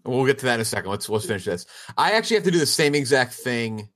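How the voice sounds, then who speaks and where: A man's voice: medium pitch, very animated, quick pace, a bit bright. A man co-hosting a podcast, telling stories in casual banter with frequent laughs. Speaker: podcast co-host.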